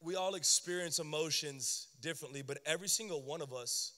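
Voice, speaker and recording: A young man preaching a sermon to a youth crowd, animated and joking with the room. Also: on the high side, a little fast, long reverb tail. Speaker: youth pastor.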